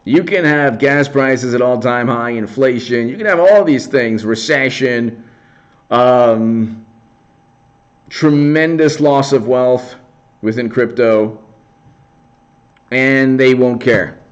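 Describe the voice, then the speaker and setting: A man's voice: medium pitch, takes it slowly, long pauses, lo-fi sound. A man giving rambling, sarcastic political commentary on a casual livestream, often restarting his sentences.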